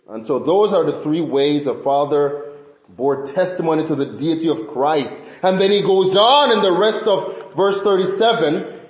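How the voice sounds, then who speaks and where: High-pitched pastor guy preaching, emphatic, lots of restarts, roomy echo. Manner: preaching with emphatic, animated rises and repeated restarts. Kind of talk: sermon.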